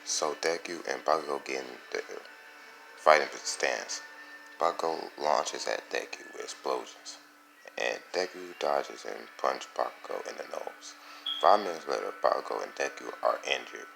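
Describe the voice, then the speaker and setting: Very deep gravelly man, casual fan storyteller. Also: expressive, a bit bright, slight background noise, rough recording. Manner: rambling, self-correcting, halting. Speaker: YouTube storyteller. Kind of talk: casual fan-fiction narration.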